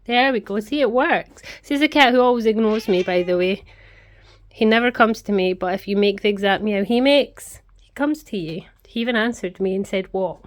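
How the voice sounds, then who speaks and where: A woman's voice: medium pitch, moderate pace. Chatty woman vlogging her craft studio. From Scotland. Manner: rambling, chatty, talks to her pets. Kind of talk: casual chatty vlog.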